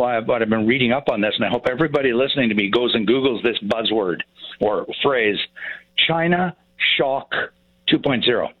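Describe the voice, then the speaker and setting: A man's voice: medium pitch, no room sound. A man in his sixties, a professor on radio commentary, talking emphatically with sarcastic asides and many fillers. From Canada. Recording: tinny phone line.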